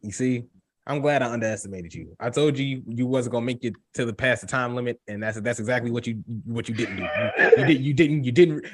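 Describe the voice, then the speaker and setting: Male podcast host, mocking banter, animated pitch. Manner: teasing, mocking.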